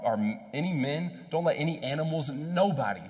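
A man's voice: fairly high pitch, expressive, normal speed, darkish tone, pitched above the performer's own voice, natural voice. A man voicing a commanding ancient king. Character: commanding ancient male king issuing a decree. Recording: long hall reverb.

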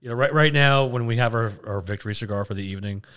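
A man co-hosts a casual podcast, talking quickly with a middling pitch. He tells rambling, animated stories and often restarts his sentences. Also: smooth. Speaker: podcast co-host. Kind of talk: casual chat.

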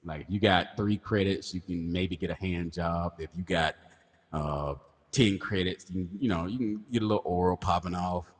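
A man's voice: deep voice, normal speed, in a large hall. A man co-hosting a podcast, trading crude jokes and spinning absurd hypotheticals with laughs. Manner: animated, laughing storyteller. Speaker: podcast co-host. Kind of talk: crude comedic banter.

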